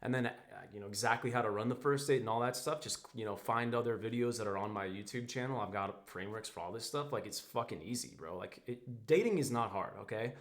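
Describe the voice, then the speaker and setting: A man coaching other men on dating in a blunt, slangy monologue. He swears casually, keeps tossing in "bro" and "right?", and acts out text exchanges in quick quoted voices. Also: mid-range voice. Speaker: dating and social-circle coach. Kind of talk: direct-to-camera advice monologue.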